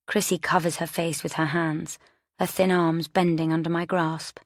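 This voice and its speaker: A woman narrating a mystery thriller audiobook in first person with a measured, tense delivery. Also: deep voice, level tone, no echo, clean studio sound.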